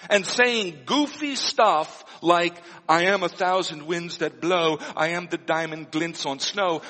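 A man preaching a sermon as a pastor, blunt and wry with slow dramatic pauses. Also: high voice, sharp tone. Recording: long hall reverb.

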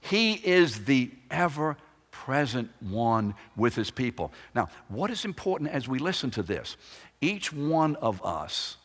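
A man preaching a sermon with emphatic phrasing and rhetorical questions to the congregation. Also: mid-range voice. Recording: echoey hall reverb.

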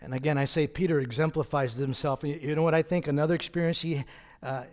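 Male pastor, slightly high voice, conversational sermon full of rhetorical questions. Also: steady tone, fast talker. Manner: conversational preaching with rhetorical questions and soft laughs.

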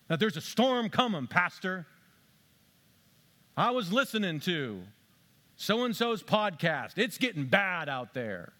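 A man preaching a sermon as a pastor, conversational and self-mocking, with jokes, swinging between loud emphatic bursts and low quiet stretches. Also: very animated, slow.

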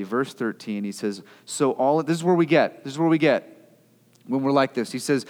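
A man preaching a sermon as pastor, impassioned, swinging between loud outbursts and quiet asides. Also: mid-range voice, in a large hall.

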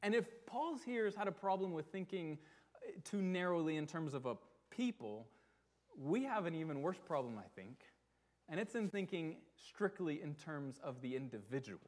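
Man, pastor, sermon, emphatic, rhetorical questions, somewhat high pitch. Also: big pitch swings. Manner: earnest, emphatic, with rhetorical questions and slowed stresses.

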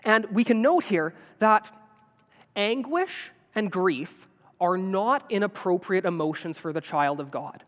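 A man's voice: sits high, lively intonation, unhurried, fairly bright tone. A man preaching a sermon in an earnest manner that builds to emphatic appeals. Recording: dull sound with long hall reverb.

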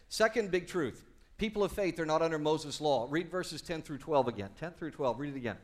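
A man preaching a sermon in a lively, conversational way, calling on the congregation to answer. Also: a little high, brisk. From Texas. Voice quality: animated, conversational preaching with call-and-response. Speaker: pastor.

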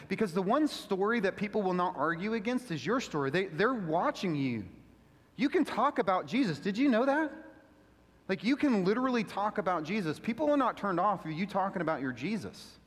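Male pastor, high-pitched, casual slangy preacher with lots of energy, long reverb. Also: a little fast. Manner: casual, animated, slangy delivery. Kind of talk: sermon.

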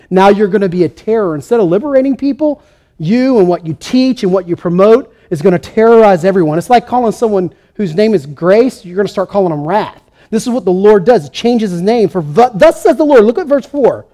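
A man's voice: high voice, expressive, brisk, dark tone. A man preaching a sermon, emphatic, acting out the voices he quotes. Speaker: pastor.

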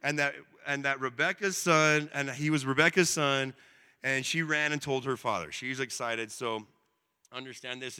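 Male preacher, casual and animated, slangy asides; bright tone, long reverb. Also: medium pitch, moderate pace, clean tone. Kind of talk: sermon.

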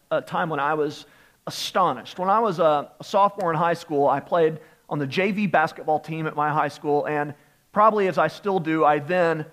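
A man's voice: a little high, fairly bright tone. A young adult man preaching a sermon, telling a self-deprecating personal story and laughing often. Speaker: pastor.

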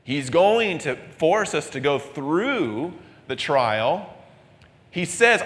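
A man preaching a midweek sermon, earnest and conversational, acting out quoted voices with a rising pitch. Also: normal speed, a bit bright, in a large hall. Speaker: pastor.

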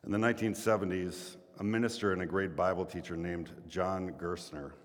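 A man preaching in a church sanctuary, his fairly low voice carrying a long reverb from the hall. He tells stories, lifting into lively quoted voices and then sinking soft and low for emphasis. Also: a little fast. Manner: storytelling, rising into animated quoted voices then dropping low and quiet. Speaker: pastor. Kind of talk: sermon.

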